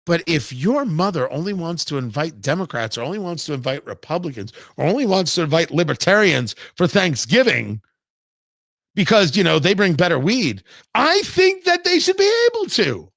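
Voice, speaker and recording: A man's voice: fairly high pitch, sing-song, normal speed, creaky, fairly bright tone, no echo, studio quality. A middle-aged man hosting a talk show, delivering an emphatic, sarcastic monologue and acting out imagined conversations. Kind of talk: opinionated talk radio monologue.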